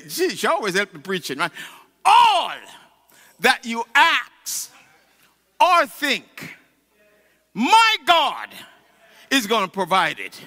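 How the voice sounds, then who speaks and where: A man preaching a fervent sermon as pastor of a church, rising to shouted peaks and calling on the congregation to answer back. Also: very high-pitched, long reverb tail. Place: church sanctuary.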